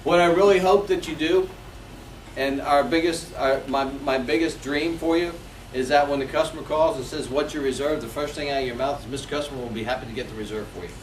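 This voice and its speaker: A man's voice: medium pitch, fairly quick, a little hiss or hum. A man in his forties, a sales trainer, leading a seminar and acting out customer phone calls with lots of energy. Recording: echoey room, mic from a distance.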